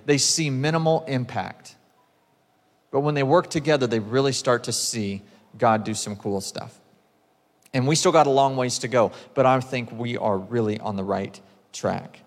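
A pastor in his thirties delivers a sermon in a casual, emphatic way, often turning to ask the congregation whether they are with him. His voice sits at a middle pitch. It rings out with a long reverb through a church sanctuary. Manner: conversational, emphatic preaching with frequent asides to the congregation.

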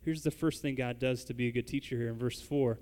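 A man's voice: mid-range voice, fairly even intonation, fast talker, darkish tone, long reverb tail. A man preaching a sermon, speaking conversationally and addressing the congregation directly. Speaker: pastor.

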